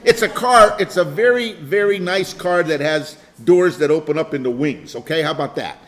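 A man's voice: on the high side, normal speed. An older man leading a Bible study group in an informal sermon, rambling, repeating phrases and chuckling.

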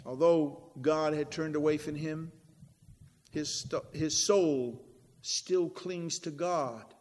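A man preaching a sermon, slow and deliberate, swinging from loud stresses to near-whispered drops. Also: fairly high pitch, steady tone. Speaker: pastor. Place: church. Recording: long reverb in a large hall.

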